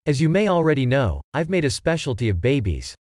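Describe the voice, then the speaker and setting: Brief: a man playing a matter-of-fact, long-winded photographer, lively intonation, dry close sound. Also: mid-range voice, a little fast, no echo. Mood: earnest. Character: earnest, long-winded male baby photographer.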